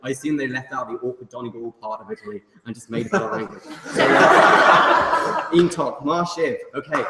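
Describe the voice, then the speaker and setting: A man's voice: medium pitch, fast. A young man, talking in a loose, teasing, filler-packed way through a comic debate speech. He is picked up from a distance in a long-ringing hall. The recording carries heavy noise. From England. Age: young adult. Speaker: student debate speaker. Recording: echoey hall, far mic, loud noise.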